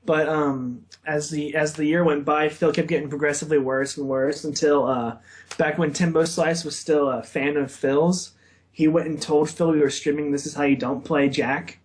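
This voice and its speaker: Brief: young man, podcast co-host, slightly high voice, loose rambling delivery. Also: level tone, moderate pace. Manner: rambling, laughs often. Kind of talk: casual chat.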